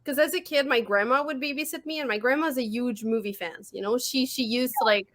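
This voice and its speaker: Over a remote call mic, a high-pitched podcast co-host with a French accent keeps the casual conversation lively, giggling often and tossing in quick asides.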